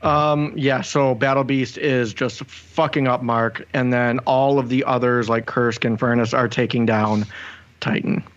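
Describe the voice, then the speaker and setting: A man's voice: medium pitch, fairly even intonation, measured pace. Argumentative man with a muffled sound. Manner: argumentative, recaps the story. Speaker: podcast co-host. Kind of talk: casual chat. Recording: slightly dull lo-fi sound.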